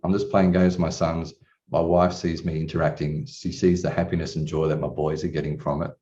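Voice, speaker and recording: Bloke in his 40s, candid client story, deep dark voice, muffled distant recording. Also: little pitch movement, fairly quick. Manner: candid, rambling, swears casually. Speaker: coaching client. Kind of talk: personal story at a retreat. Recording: distant, dull room recording.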